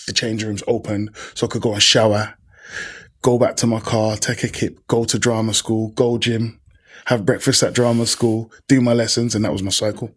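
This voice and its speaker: A husky, low-voiced man, a podcast guest sharing stories in an easy, conversational way. He talks in slang and brings the people in his stories to life by voicing them. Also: normal speed. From Birmingham, England. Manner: animated, slangy storyteller who acts out quoted people. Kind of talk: casual interview storytelling.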